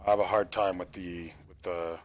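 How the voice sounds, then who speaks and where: A man's voice: low voice, level tone, normal speed. A young man from Canada chatting casually while streaming a game as server admin, rambling with filler and casual swearing. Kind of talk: casual gameplay stream chat.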